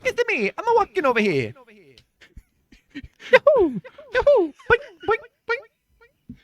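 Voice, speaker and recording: A man voicing a cheerful cartoon plumber in a very high, bouncy put-on Italian-style voice. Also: wildly swooping pitch, unhurried, exaggerated voice.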